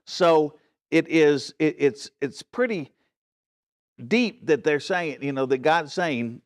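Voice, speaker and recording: Standing at the front of a church, a man with a slightly raised, somewhat high voice teaches a Bible study. He stresses his points earnestly and keeps checking that people are following, often restarting phrases and correcting himself.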